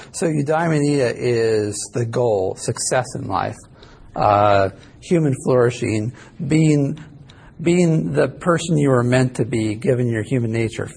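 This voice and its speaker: A man's voice: mid-range voice, moderate pace, creaky, a little mellow, slightly rough. A male ethics instructor giving a casual, rambling classroom lecture that he records live as a podcast. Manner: casual, rambling, self-correcting.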